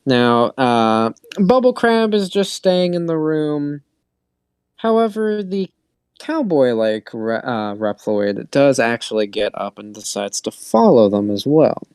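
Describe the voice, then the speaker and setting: A man narrating as game master of a tabletop game in an unhurried, hesitant way with fillers. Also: medium pitch, big pitch swings, darkish tone, smooth, no echo.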